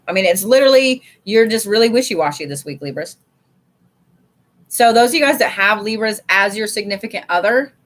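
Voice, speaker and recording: This woman reads tarot and oracle cards in a relaxed live session, speaking bluntly, chatting away, swearing without restraint and calling her audience y'all. Her voice is mid-range and fairly bright.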